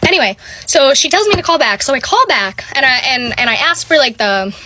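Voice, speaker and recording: A young woman with a high voice tells a story in a casual vlog. She sounds exasperated and animated, and says "like" again and again. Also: fairly quick. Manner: exasperated, animated retelling with many "like"s. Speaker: vlogger.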